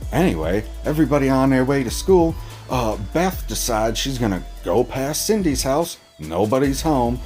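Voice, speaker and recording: A man with a lowish voice rattles through a recap of a TV episode, swearing freely and sounding sarcastic. He slips into quick impressions of the characters as he goes. Faint music plays underneath him. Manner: animated, sarcastic, swears a lot, acts out characters' lines. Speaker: TV episode reviewer. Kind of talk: casual profane recap.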